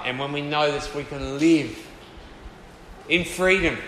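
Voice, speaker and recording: A man's voice: a little high, sharp tone, a little hiss or hum. Older man preaching in an echoey hall. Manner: conversational, with asides and repeated phrases. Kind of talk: sermon. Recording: echoey hall with long reverb.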